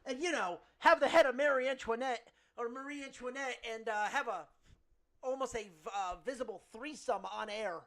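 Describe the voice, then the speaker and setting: Bright-voiced joking podcast co-host man. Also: extremely high pitch, normal speed. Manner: joking, slips into silly put-on voices. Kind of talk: crude comedic banter.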